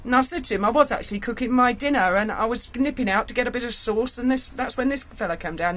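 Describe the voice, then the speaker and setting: A woman's voice: on the high side, fast talker, hardly any pauses, a bit bright. A woman, telling a frank, salty story to her viewers from indoors at home. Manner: chatty, frank and salty, with swearing. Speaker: vlogger.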